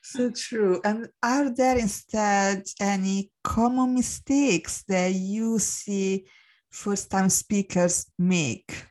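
A woman hosting an interview, reacting with enthusiastic, chatty warmth. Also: medium pitch, very slow. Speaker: podcast host.

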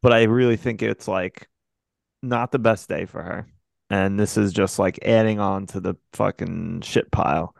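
A man's voice: on the low side, fairly even intonation, unhurried, vocal fry, no echo, clean studio sound. A man co-hosting a casual podcast, rambling and profane with exasperated asides. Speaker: podcast co-host. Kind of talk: casual recap chat.

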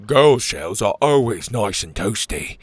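A man voicing an excitable young platypus in a high, squeaky, frantic voice. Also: a little slow, husky, no echo, exaggerated voice. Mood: grateful. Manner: frantic and breathless.

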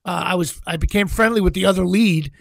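A middle-aged man from Central New Jersey, a guest actor telling stories in an interview, animated and often stammering and repeating words. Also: high voice, quick pace, gravelly, dry recording. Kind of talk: anecdotal interview storytelling.

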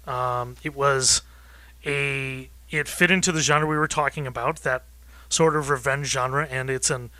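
A man's voice: mid-range voice, fairly even intonation, measured pace, bright, forceful tone, no room sound. A man appearing as a guest on a radio show, talking about food with enthusiasm and ease. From Rochester, New York. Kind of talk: casual radio interview.

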